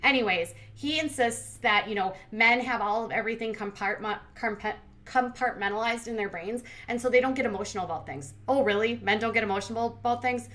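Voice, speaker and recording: A woman's voice: a little high, brisk, hardly any pauses, fairly bright tone. A woman hosting a commentary channel, recapping a reality show in casual, sarcastic, blunt talk full of "like". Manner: sarcastic, blunt, heavy use of "like".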